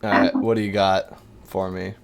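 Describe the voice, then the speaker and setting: A man narrating as game master, talking in a relaxed, halting way. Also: low voice, vocal fry, over a noisy crowd.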